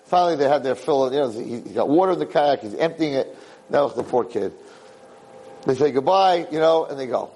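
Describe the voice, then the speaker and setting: A man tells a parable as a lecturer, animated and lively, mixing Yiddish words into his English. His voice sits at an ordinary middle pitch. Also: a little fast, breathy edge, poor audio. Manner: animated storyteller, Yiddish-sprinkled. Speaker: Jewish lecturer.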